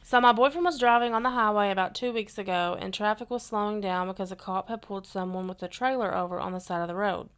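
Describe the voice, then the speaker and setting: A woman's voice: mid-range voice, fast, few pauses, fairly bright tone, smooth. Woman reading eerie stories aloud. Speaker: podcast co-host reading listener stories.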